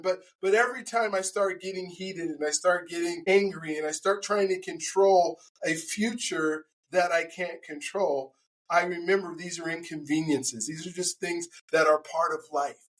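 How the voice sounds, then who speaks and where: A man's voice: high voice, a bit bright, low-quality recording. A man answering interview questions as a guest speaker, telling stories with many fillers and restarts.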